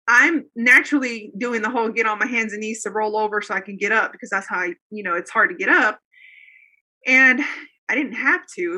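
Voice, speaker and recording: Woman guest rambling thru her story, kinda high voice, bright and punchy, lots of ums. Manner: earnest, rambling, with many fillers and restarts. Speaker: guest telling a faith testimony. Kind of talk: casual conversational storytelling.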